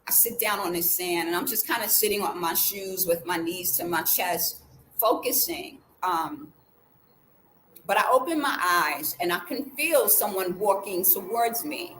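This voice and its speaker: A woman vlogger telling a personal story in a casual way, acting out the quoted dialogue with lively changes of voice. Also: lowish voice, a little slow, a little hiss or hum, rough recording. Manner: animated, acts out the quoted dialogue.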